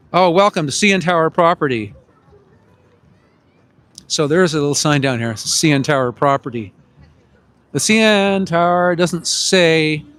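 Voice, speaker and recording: A man live streaming outdoors in a busy plaza, calling out to passers-by in a loud, projecting voice. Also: high-pitched. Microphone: handheld phone mic. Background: music from outdoor speakers.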